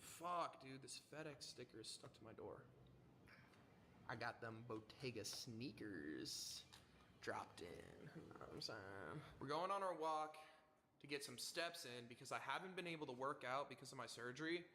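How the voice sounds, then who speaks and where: A man's voice: medium pitch, expressive, moderate pace, pushed and bright. Young man, rambling vlog chat, joking, swears a lot, echoey room. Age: young adult. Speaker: vlogger and clothing brand owner. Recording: roomy with faint background noise.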